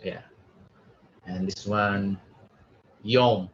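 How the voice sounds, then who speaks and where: Male student, low voice, very slow and halting; dull call audio. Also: fairly even intonation, slight background noise. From Indonesia. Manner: slow, hesitant, repeats words while sounding them out. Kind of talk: language lesson practice.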